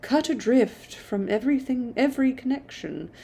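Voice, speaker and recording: A woman's voice: high-pitched, expressive, moderate pace, creaky, warm tone, slightly rough. A woman reading a classic novel aloud, stumbling now and then and stopping for casual asides. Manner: stumbles and restarts, self-commenting.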